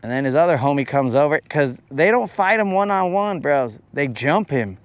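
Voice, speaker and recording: A young man chats to his viewers while he fishes, joking and teasing in loose, slangy banter. His voice sits a little high for a man. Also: expressive, moderate pace, no room sound. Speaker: fishing vlogger. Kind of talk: casual commentary while fishing.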